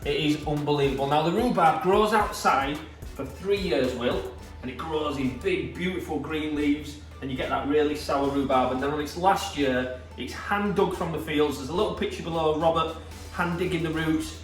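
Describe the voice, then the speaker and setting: A man's voice: a little high, moderate pace. A man with a Yorkshire accent, enthusiastically showing off fresh produce in a casual demonstration. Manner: enthusiastic, gushing about produce. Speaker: produce seller. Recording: echoey room, distant mic, faint music.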